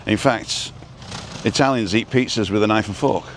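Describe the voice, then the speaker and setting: A man's voice: on the low side, normal speed, slight background noise. A man hosting a casual outdoor live stream, rambling and reading out viewer comments as he goes.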